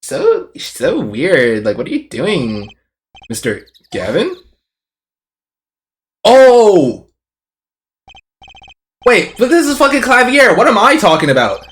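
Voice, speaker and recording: A man's voice: high-pitched, normal speed. A man streaming a game, commenting casually with lots of swearing and jokes. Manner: swearing, excitable, jokey.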